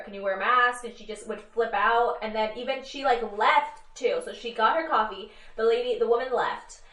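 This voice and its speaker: A young woman co-hosting a casual weekly recap, animated and full of fillers, acting out what others said. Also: a little high. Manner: animated, lots of fillers, acts out quotes. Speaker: co-host. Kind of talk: casual news recap chat. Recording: roomy and a bit distant from mic.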